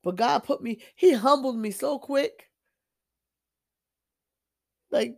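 Gravelly woman giving an emphatic faith talk. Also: high-pitched, slow, long pauses. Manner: emphatic, repeats herself, stumbles and restarts. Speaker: Christian vlogger sharing testimony. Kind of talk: casual faith talk, preachy testimony.

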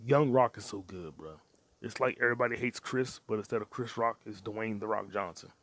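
A man's voice: fairly low pitch, fairly quick, fairly bright tone. A man hosting a solo podcast, rambling crudely and profanely from one topic to the next while muttering to himself. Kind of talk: rambling casual monologue.

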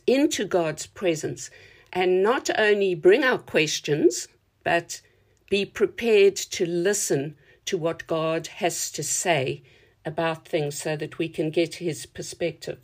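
A woman's voice: fairly low pitch, slow pace. A woman preaching a sermon in an earnest, reflective teaching tone.

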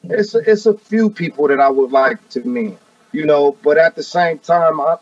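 A man in his forties, a rapper being interviewed, talking in a relaxed, casual way and often adding "you know what I mean.". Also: on the high side, normal speed, no room sound, distant mic. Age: 40s. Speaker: rapper guest. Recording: dry, muffled audio from off-mic.

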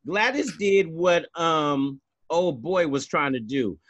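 A man's voice: a little high, animated, slow pace, a bit bright, no echo. A man co-hosts a casual podcast with sassy, emphatic delivery and frequent swearing. His voice is recorded dry and close, with no room sound. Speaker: podcast co-host. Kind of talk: casual chat.

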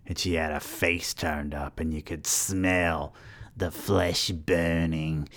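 A man's voice: rumbling low, steady tone, takes it slowly, a bit bright, heavily acted. A man doing a brash boastful barfly woman. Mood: blunt. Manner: blunt, crude, insistent. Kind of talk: read-aloud story voice.

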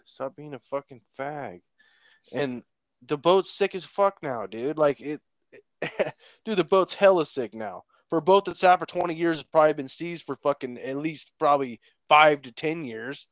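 A man's voice: on the high side, lively intonation, normal speed, no room sound, lo-fi sound. A man on a podcast telling a long story in a casual, rambling way with lots of swearing. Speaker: podcast co-host.

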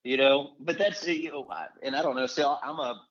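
A man's voice: mid-range voice, a little fast, a bit bright. A man hosting a podcast interview, talking casually and rambling, with many restarts. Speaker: podcast host. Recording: dull lo-fi sound.

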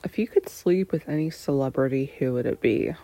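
A woman in her thirties candidly answering personal questions, hesitant and full of pauses, sometimes dropping into a breathy near-whisper. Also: extremely low pitch, dark tone, no room sound.

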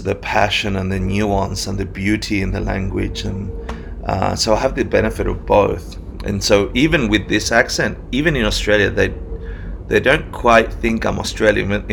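A man from Buenos Aires, Argentina, a Buddhist teacher appearing as a guest, tells his life story in a candid, self-deprecating way with frequent restarts. His voice is fairly low and creaky, with slight background noise behind it.

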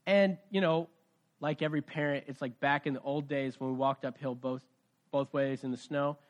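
High-voiced man preaching a sermon. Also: steady tone, moderate pace, dull audio. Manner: conversational storytelling, swings between loud and soft. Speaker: pastor.

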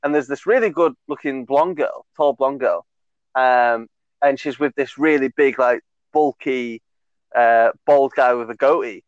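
A man's voice: medium pitch, measured pace, no echo, dull audio. A young man in his twenties telling a long, rambling story on a podcast, laughing and swearing as he goes, full of fillers. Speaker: podcast co-host. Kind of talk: casual storytelling chat.

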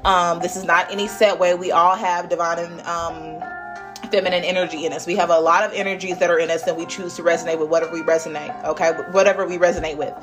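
A woman's voice: fairly low pitch, flat delivery, fast. Young woman, casual tarot-style reader, blunt and chatty with a salty mouth, faint music underneath. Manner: blunt, chatty, swears, laughs often. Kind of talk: casual spiritual reading.

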